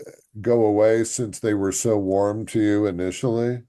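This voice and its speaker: Mellow-voiced male podcast co-host. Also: lowish voice, moderate pace. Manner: relaxed, curious questioner. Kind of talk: casual interview chat.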